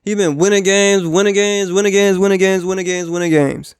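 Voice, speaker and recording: Young male YouTube sports ranter: high, smooth voice, sarcastic, profane, repeats himself, dry close sound. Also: brisk, dry recording. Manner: animated, profane, repeats phrases. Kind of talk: casual ranting commentary.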